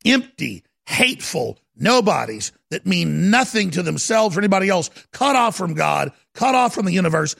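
Fiery male commentator with a raised, gravelly voice; urgent, repetitive rant. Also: high voice, a bit bright. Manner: ranting, urgent, repetitive and dramatic. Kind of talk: impassioned monologue.

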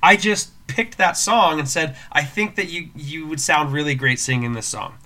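Man, bright tense voice, slightly high, faith podcast host, animated story, frequent restarts. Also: moderate pace. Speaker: worship leader and podcast host. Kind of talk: casual podcast chat.

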